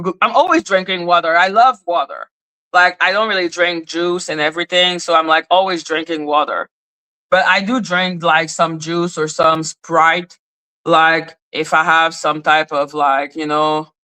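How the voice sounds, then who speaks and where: A woman with a lowish, sharp voice rants on her livestream, responding to chat in a blunt, sarcastic, confrontational way. The audio is poor.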